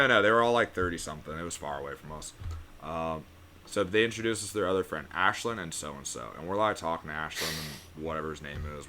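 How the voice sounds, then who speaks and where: A man's voice: a bass voice, sharp tone, a little hiss or hum. A young man from Connecticut telling a long story on a podcast, rambling with lots of fillers and the odd swear. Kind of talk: casual podcast chat.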